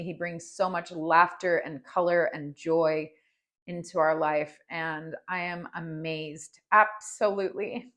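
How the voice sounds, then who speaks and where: A woman's voice: on the low side, fairly bright tone. A woman in her forties hosting a personal podcast, talking in a heartfelt, earnest way. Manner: heartfelt and earnest, speaks slowly. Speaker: podcast host. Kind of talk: personal reflective podcast talk.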